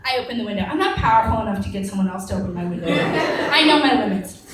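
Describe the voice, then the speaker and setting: A woman in her twenties performing a stand-up set, telling stories in an animated way and acting out the people in them. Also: a little high, fast talker, very noisy. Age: 20s. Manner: animated storytelling with acted-out quotes. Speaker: stand-up comedian. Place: comedy venue with a live audience. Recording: roomy venue mic picked up from a distance, audience laughter.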